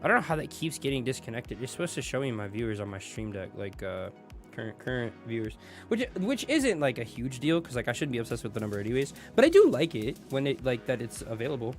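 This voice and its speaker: A man's voice: medium pitch, very animated, fast talker, soft background music. A young man hosting a casual livestream chat, laid-back and slangy, greeting viewers and laughing often. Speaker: streamer host.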